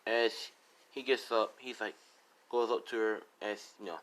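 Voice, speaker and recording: A man's voice: fairly low pitch, steady tone, unhurried, a bit bright. A man casually telling a fan story, rambling and full of fillers as he retells who said what.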